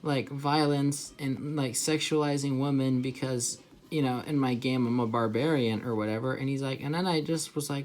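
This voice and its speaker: A man's voice: mid-range voice, fairly even intonation, moderate pace, darkish tone, a little hiss or hum. A young man rambling casually as he draws, with many filler words and restarts. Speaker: artist vlogger. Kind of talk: casual rambling while drawing.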